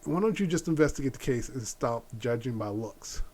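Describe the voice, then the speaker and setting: A man's voice: mid-range voice, expressive, fairly quick, a little mellow. A middle-aged man hosting a solo opinion podcast, blunt and exasperated, repeating his points. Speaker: podcast host.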